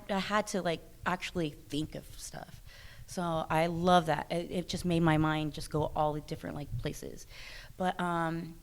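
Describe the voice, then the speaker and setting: A woman wrestler chatting casually in an interview, animated and quick to laugh, with lots of "like" fillers. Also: lowish voice. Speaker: professional wrestler, interview guest. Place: wrestling event taping venue.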